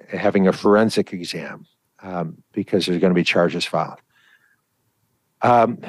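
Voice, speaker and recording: A middle-aged male physician giving parenting advice on a call-in show in a measured, firm, storytelling way. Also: sits low, no room sound.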